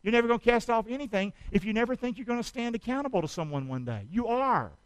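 Male pastor, high pitched, dry close-miked sermon with call-and-response. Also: lively intonation, fast, clear, resonant tone, no room sound, low-quality recording. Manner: call-and-response preaching, shouting exhortations.

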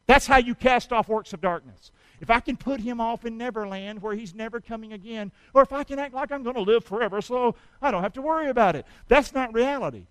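A man preaching a sermon, calling on the congregation to repeat after him and shouting exhortations. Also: very high-pitched, expressive, brisk, hardly any pauses, smooth, no echo, rough recording. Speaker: pastor.

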